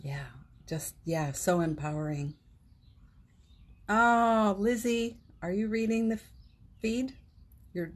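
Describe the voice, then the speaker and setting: A woman hosts a casual, inspirational livestream from home on her phone, speaking slowly at a medium pitch with long pauses. She rambles in a heartfelt way, full of fillers and restarts.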